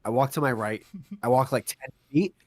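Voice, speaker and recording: A man's voice: mid-range voice, moderate pace, no room sound. Young male podcast co-host, casual storyteller, acts out dialogue, dry close mic. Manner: animated storyteller acting out quotes, swearing.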